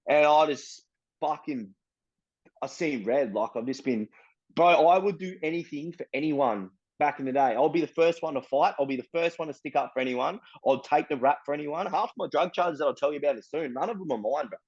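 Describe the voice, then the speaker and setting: With a fairly high, darkish voice and a slightly fast pace, an Australian interviewee recounts his story frankly and without softening. Frequent swearing and fillers like "bro" and "you know what I mean" run through it, and the audio is dull.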